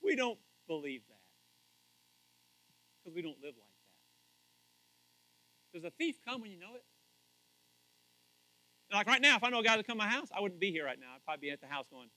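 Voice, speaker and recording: A middle-aged man preaching with a high, bright voice that swings widely in pitch. He jokes with his listeners and bursts into loud shouts when he acts out quotes. His delivery is lively and expressive throughout. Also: a little fast, pauses often, dry recording, poor audio. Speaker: pastor. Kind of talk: sermon.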